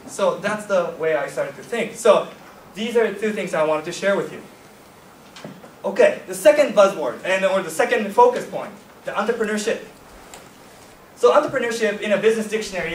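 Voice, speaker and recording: A man's voice: high voice, a little hiss or hum. A man giving a workshop lecture casually, often checking in with "okay?" and "right?". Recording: echoey hall, voice from far off.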